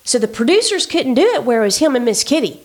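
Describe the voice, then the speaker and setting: A woman with a somewhat high voice tells a story in casual chat. She is animated and indignant and uses plenty of fillers as she goes. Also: fast.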